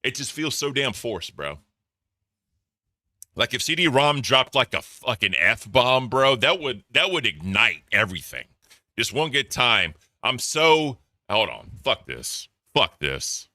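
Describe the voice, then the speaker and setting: A man hosting casual commentary, talking bluntly and profanely with animated bursts of ranting. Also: mid-range voice, a little slow, no echo, clean studio sound. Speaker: commentary host.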